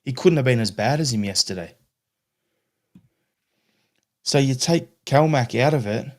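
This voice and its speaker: A man's voice: mid-range voice, expressive, fairly quick. A Scottish man co-hosting a football podcast, talking bluntly in a ranting, casual way and swearing freely. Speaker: podcast co-host.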